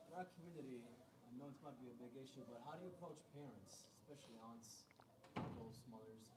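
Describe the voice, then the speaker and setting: A man's voice: medium pitch, fast, a crowd in the background. Audience member, male, hesitant rambling question, distant and echoey. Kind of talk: spoken question. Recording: echoey room, far from the mic, loud noise.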